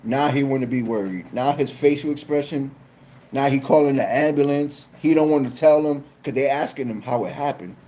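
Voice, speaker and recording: A man, telling a funny story on a live stream, animated and profane, often repeating his phrases. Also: medium pitch, a little fast. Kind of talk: casual comedic storytelling.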